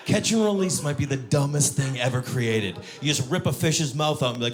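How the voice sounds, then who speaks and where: A male stand-up comedian performing a set on stage, acting out characters with sudden high-pitched shouts. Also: expressive, brisk, hardly any pauses. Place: comedy venue with audience.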